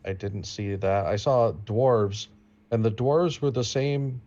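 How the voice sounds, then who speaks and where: Slow, hesitant man on a dull recording. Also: on the low side, dark tone. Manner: slow and hesitant, restarts words. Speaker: player. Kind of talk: tabletop game play.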